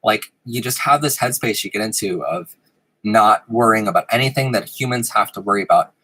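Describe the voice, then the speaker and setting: A man's voice: on the low side, a little fast, pushed and bright, breathy edge, low-quality recording. A man hosting a live stream in casual chat, giggling often and rambling with frequent ums, in a room with a fan running. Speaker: host of a live-streamed show.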